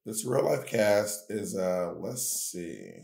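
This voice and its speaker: A laid-back man co-hosting a podcast, his low voice gravelly with fry. The room rings with echo around him as he chats casually and reads off names. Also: big pitch swings, slow, a little mellow. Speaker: podcast co-host. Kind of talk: casual chat.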